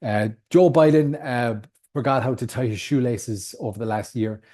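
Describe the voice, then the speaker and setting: Heated and emphatic, packed with swearing, the rant comes from a solo podcast host in his thirties from outside the United States. He has a medium-pitched, slightly mellow voice and speaks at a normal speed.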